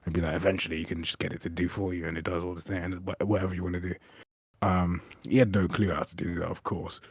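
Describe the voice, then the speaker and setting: A man's voice: low-pitched, quick pace, breathy edge, no echo, studio quality. A young man, a game developer chatting casually on a stream, rambling and swearing as he tells stories. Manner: rambling, swearing, animated retelling. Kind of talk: casual chat.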